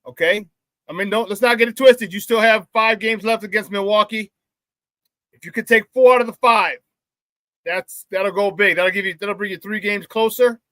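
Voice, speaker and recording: A man hosting a live sports talk show, hyped and loud, with casual slangy banter as he reads out chat shout-outs. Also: high voice, steady tone, moderate pace, dry recording.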